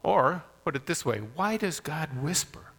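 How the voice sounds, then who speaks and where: A man preaching a sermon, swinging from loud emphasis to soft near-whispers. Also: on the high side, expressive, unhurried, creaky, husky, long reverb tail. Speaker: pastor.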